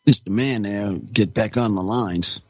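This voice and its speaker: A man hosting a casual live-stream podcast with a husky voice, laid-back and chiming in with short remarks. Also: on the low side, a little slow, bright, forceful tone, lo-fi sound, slight background noise. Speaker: podcast host.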